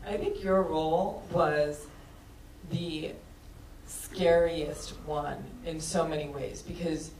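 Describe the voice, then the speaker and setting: A woman's voice: deep voice, fairly even intonation, slow, darkish tone. A woman filmmaker speaking on a panel in a casual, chatty way, laughing often and filling her talk with fillers. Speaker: film director on a panel. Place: auditorium at a screening event. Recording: echoey hall from far off, faint noise.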